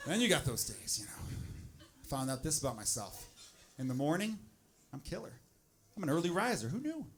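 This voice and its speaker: High-voiced man doing stand-up. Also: normal speed. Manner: animated, swings into loud exasperated bits. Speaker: stand-up comedian. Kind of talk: stand-up comedy set. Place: comedy club stage with audience laughter. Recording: noisy live club recording.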